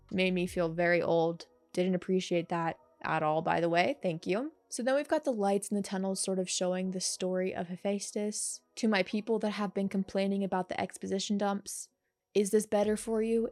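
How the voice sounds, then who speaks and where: A woman casually reviewing a TV episode in a chatty, sarcastic way, with animated asides. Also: mid-range voice. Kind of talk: casual video commentary.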